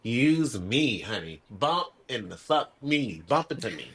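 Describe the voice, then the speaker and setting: A man of middle pitch talks as a podcast guest in a relaxed, unscripted way. He gets animated when he tells a story, drops the odd curse, and leans into earnest life lessons. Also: measured pace, slightly rough. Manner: animated storyteller, swears freely; earnest, preachy about life. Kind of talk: casual conversation.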